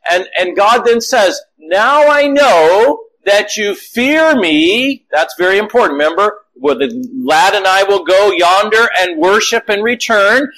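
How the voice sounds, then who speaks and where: High-voiced man preaching a lively sermon. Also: low-quality recording. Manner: animated storytelling, acting out quotes.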